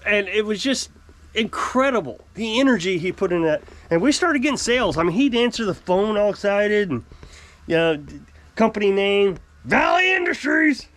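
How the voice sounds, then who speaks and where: A man's voice: sits high, moderate pace. A middle-aged man hosting his own channel, ranting in a casual, opinionated way and putting on voices when he quotes people. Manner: animated, opinionated, mimics voices when quoting. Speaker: channel host. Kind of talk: casual political vlog rant.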